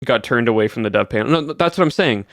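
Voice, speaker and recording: A man's voice: medium pitch, lively intonation, fast talker, a bit bright. A male streamer chats casually with his audience, wandering from thought to thought and answering chat as he goes. His voice sits mid-range, and the sound is dry and close with no room echo. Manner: rambling, filler-heavy, answers chat.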